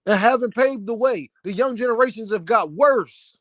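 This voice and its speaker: A man's voice: very high voice, normal speed, no echo, clean studio sound. A young man delivering a heated, scolding opinion rant to the camera, in a preachy commentator tone.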